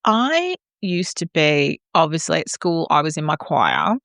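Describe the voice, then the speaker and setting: A woman's voice: low-pitched, big pitch swings, measured pace, a bit bright, no room sound, clean studio sound. A woman with an Australian accent, an opera singer co-hosting a podcast, chatting casually in a playful, teasing and slightly cheeky way.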